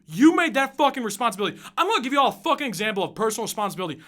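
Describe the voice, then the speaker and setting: Young male podcast host, twenties, blunt profane rant delivery, bright tone. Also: high-pitched, big pitch swings, very fast. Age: 20s. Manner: blunt, heated, swears constantly. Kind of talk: profane ranting podcast monologue.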